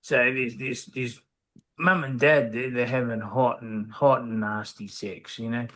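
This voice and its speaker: A man's voice: mid-range voice, fairly even intonation, a little slow, a bit bright. A man telling jokes on a podcast, rambling and repeating words. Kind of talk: casual joke telling.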